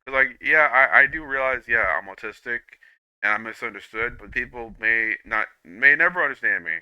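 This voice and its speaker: A young man rambling through a personal monologue, halting with frequent restarts and repeats, swearing freely, on a dull lo-fi recording. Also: mid-range voice, expressive, clear, resonant tone, no room sound.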